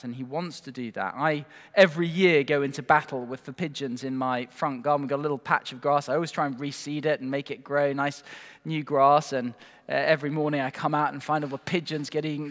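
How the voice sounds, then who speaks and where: A man's voice: a little high, a bit bright. A man preaching a sermon, earnest and emphatic, with rhetorical asides to the congregation. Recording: long hall reverb.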